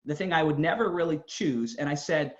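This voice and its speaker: A man's voice: on the high side, fairly quick, reverberant. A man giving an earnest, emphatic motivational talk, telling his own story. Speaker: motivational speaker. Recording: dull lo-fi sound.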